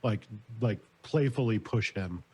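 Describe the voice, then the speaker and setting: A man's voice: lowish voice, unhurried, warm tone, breathy edge. A man playing a character in a tabletop role-playing game, stammering and repeating words as he describes his actions. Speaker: player.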